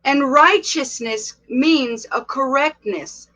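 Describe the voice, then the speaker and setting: Bright-voiced woman preaching slowly. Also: high voice, low-quality recording. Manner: fervent, affectionate, greets viewers by name. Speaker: preacher on a live stream. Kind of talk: prayer and sermon.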